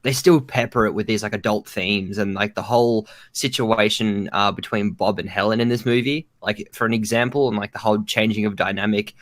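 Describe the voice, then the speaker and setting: A man's voice: fairly low pitch, steady tone, fairly quick, hardly any pauses. A young man co-hosting a casual podcast chat, rambling with lots of fillers and teasing his co-host.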